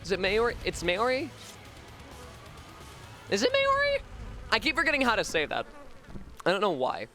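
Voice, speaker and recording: A man's voice: high voice, very animated, quick pace, sharp tone, faint music behind. A male streamer chatting casually on a live gaming stream, swearing freely and repeating words over and over to test how to say them.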